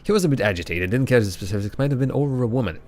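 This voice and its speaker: A man voicing a calm, matter-of-fact male troll bouncer. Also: medium pitch, very fast, natural voice.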